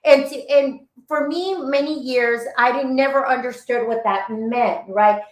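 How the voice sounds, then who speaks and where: A woman's voice: high voice, measured pace, echoey room, low-quality recording. A woman, co-hosting a casual chat and telling a dating story with acted-out quotes. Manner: animated storyteller, acts out quoted dialogue. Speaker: co-host.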